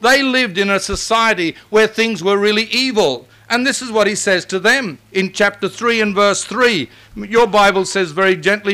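An older man preaching a sermon, emphatic and building to forceful repetition. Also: high-pitched, normal speed, hardly any pauses.

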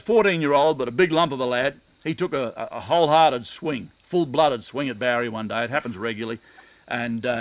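A man's voice: medium pitch, a bit bright, no echo, poor audio. A middle-aged man, preaching a sermon and telling stories, with earnest repetition for emphasis. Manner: earnest storytelling, repeats phrases for emphasis.

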